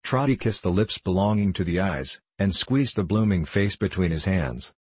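Deep husky man reading aloud. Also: expressive, moderate pace, darkish tone, no room sound. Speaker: narrator. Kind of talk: audiobook narration of a classic novel.

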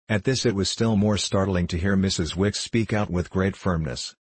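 A man narrating a novel as an audiobook in a measured, literary way. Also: low-pitched, breathy edge, no echo. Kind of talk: audiobook reading.

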